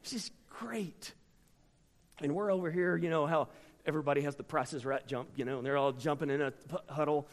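A middle-aged man delivers a storytelling sermon in a slightly high voice. He swings from hushed, confiding asides to sudden shouts. His words echo with the long reverb of a large hall. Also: fairly quick.

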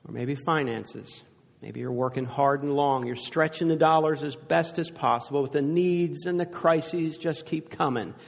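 An older man preaching a sermon to a congregation, telling stories earnestly and growing hushed at the sad parts. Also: fairly high pitch, normal speed, gravelly. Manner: earnest storytelling, dropping to a hushed voice for sad points. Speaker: pastor. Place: church sanctuary before a congregation. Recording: echoey hall reverb.

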